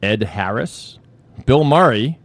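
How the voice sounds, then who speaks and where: A male podcast host chatting casually with a guest, quick to joke and break into laughter. His pitch swings up and down a lot as he talks. He sounds relaxed and playful. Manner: joking, laughs often, lively pitch. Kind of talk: casual chat.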